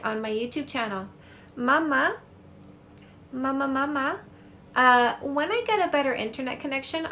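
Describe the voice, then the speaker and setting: Her voice sits high with a fairly bright tone as this middle-aged Canadian woman, a dating coach, livestreams from her phone. She's quick, chatty and effusive, gushing over what viewers write, with slight background noise.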